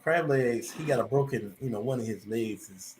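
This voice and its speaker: A man's voice: medium pitch, normal speed, a little mellow, rough recording. A man contributing to a casual sports show, easygoing and rambling.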